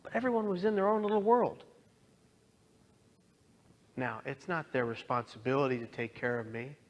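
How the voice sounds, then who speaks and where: A man telling his own story as a dramatic testimony, impassioned and pleading, swinging from hushed lines to loud outbursts. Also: mid-range voice, moderate pace, muffled recording. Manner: pleading, directly addresses listeners. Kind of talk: dramatic personal testimony talk.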